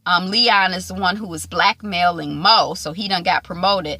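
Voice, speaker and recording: A woman casually recapping a TV episode, acting out the characters' lines in quick asides. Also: on the low side, no echo. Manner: animated, acts out quoted lines in quick asides. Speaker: TV show reviewer.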